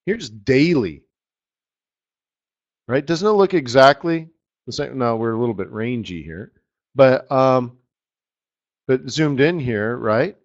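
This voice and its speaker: A man hosting a live trading webinar, walking viewers through charts in an excitable, slangy, chatty way. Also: mid-range voice, slow pace, long pauses. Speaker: forex trading webinar host. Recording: slightly dull lo-fi audio.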